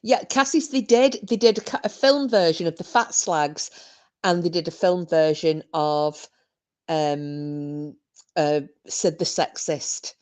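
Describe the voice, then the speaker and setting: A woman talks slowly in a low voice, as if chatting with friends. She reminisces with plenty of fillers and giggles between her stories. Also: darkish tone, clean tone. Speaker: podcast host. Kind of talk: casual chat.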